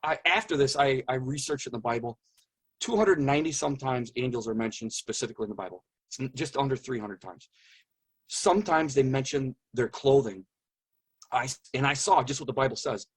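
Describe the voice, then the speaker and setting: Earnest husky man groping for words. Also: mid-range voice. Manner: earnest, halting, searching for words. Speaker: interview guest. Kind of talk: personal testimony in conversation.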